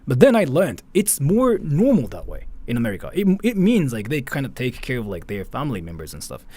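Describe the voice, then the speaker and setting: A man's voice: medium pitch, huge pitch swings, brisk, dark tone. A man, chatting casually as a streamer in a rambling, filler-heavy way and swearing freely. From Japan. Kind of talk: casual commentary chat.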